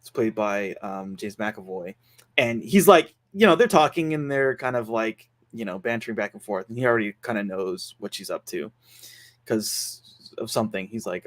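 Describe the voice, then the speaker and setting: A man's voice: lowish voice, expressive, moderate pace. A man hosting a casual podcast, recapping a film's plot in a rambling way full of fillers. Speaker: podcast host reviewing a film.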